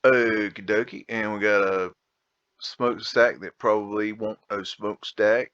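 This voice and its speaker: A man's voice: on the low side, steady tone, unhurried, fairly bright tone, no echo, dull audio. A man hosting a casual photo tour, rambling, blunt and profane, with a folksy drawl. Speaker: video host.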